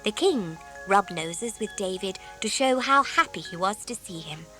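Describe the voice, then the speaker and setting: A woman narrating a children's audiobook in a gentle, expressive storytelling manner. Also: mid-range voice, measured pace. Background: soft background music.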